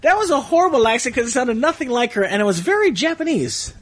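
A man's voice: very high-pitched, big pitch swings, fast, a bit bright. A man hosting a casual chat, rambling with fillers and laughing often. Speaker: podcast host.

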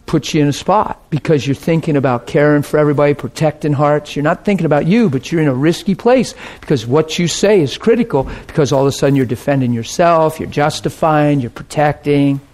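A man preaching a personal testimony, telling the story with strong feeling and swinging between soft and loud delivery. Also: fairly high pitch, fairly quick, hardly any pauses. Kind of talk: sermon testimony.

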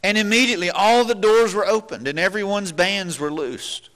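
A man's voice: high-pitched, moderate pace, fairly bright tone. A man preaching a sermon in an earnest, questioning way, with many restarts.

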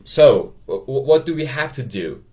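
This podcast host is a native Persian speaker with a Persian accent who runs a motivational solo show in English. He's earnest and halting and keeps checking in with "okay?" His mid-range voice is warm, with lively intonation.

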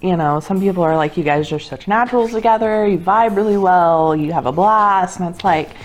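A woman's voice: on the low side, a little fast. A woman co-hosting a podcast, chatting casually in a brash, teasing way and swearing freely. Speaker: podcast co-host. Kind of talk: casual chat.

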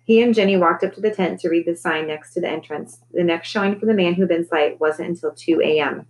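A woman, a teacher, reading a children's novel aloud in a gentle, clear storytelling manner. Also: lowish voice, fairly quick, rough recording.

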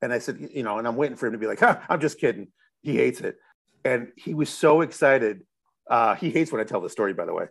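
A middle-aged Chicago musician, appearing as a guest in a casual storytelling interview, talks fast with lively intonation, a mid-range voice, and vocal fry. He tells a long, loose story, restarting sentences and swearing now and then.

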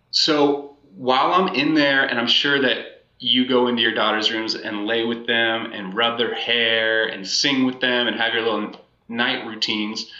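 A man's voice: mid-range voice, sharp tone, roomy sound, lo-fi sound. A man talking earnestly and reflectively as a podcast guest, repeating phrases for emphasis. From United States. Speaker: podcast guest, life coach. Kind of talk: casual podcast conversation.

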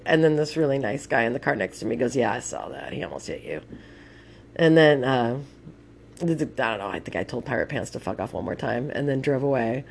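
A young woman telling a rambling, profane story in a casual spoken letter. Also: a bass voice.

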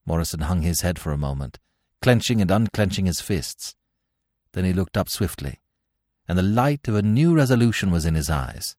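A man reads a classic story aloud in a measured, expressive storytelling manner. His voice is very deep yet lively in pitch. The recording is close and dry. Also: dry recording. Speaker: narrator. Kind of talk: dramatic audiobook reading.

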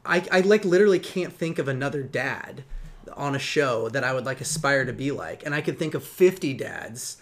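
A man's voice: medium pitch, expressive, moderate pace. Ranting male podcast co-host. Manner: ranting, exasperated, many fillers. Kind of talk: casual chat.

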